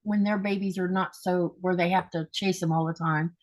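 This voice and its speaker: A middle-aged woman hosting a podcast, asking interview questions in a relaxed, conversational way. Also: lowish voice, moderate pace. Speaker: podcast host.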